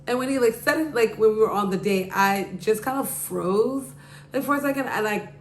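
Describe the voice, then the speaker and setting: A woman's voice: fairly high pitch, normal speed, slight background noise. A woman hosting her podcast, telling a story casually, full of "like" and "you know". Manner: rambling, heavy use of "like" and "you know". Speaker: podcast host. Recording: echoey room.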